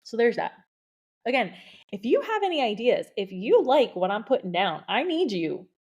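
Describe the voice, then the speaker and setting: A woman's voice: on the high side, moderate pace, husky, dull audio. Breathless, gushing woman podcast host. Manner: excited, gushing, lots of "like" fillers. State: a bit out of breath. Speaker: podcast host, beauty industry coach. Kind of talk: solo podcast monologue. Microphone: podcast microphone.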